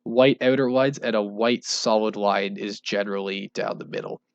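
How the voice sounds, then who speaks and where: A man giving a casual instructional voice-over on game tips, relaxed and loose, with fillers and restarts. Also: lowish voice, moderate pace, vocal fry, dry recording, highs cut off. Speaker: video creator explaining game tips.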